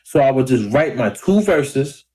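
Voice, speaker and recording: A man in his thirties chatting casually to camera in a rambling, laid-back way, a little hoarse and clearing his throat often. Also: medium pitch, very animated, a little slow, warm tone. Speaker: independent rapper and vlogger. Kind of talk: casual talking-to-camera vlog. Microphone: camera or phone mic.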